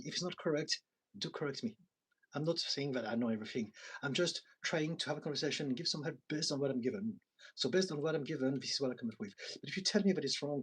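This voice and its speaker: A man's voice: fairly high pitch, breathy edge, poor audio. A man in his forties, a therapist and coach, talking earnestly and confessionally in a live chat with viewers. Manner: earnest, confessional, self-reflective.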